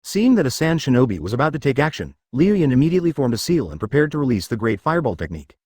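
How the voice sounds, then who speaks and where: A male narrator reading fan fiction aloud with a lively, rising and falling pitch. His delivery is scripted and slightly synthetic. The recording is dry and close, with no room sound. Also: very fast, breathy edge, dry recording.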